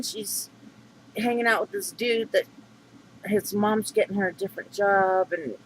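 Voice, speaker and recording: A man's voice: high-pitched, fairly bright tone, a little hiss or hum, low-quality recording. A middle-aged man venting to camera in a rambling, aggrieved vlog monologue full of fillers and restarts. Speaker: vlogger.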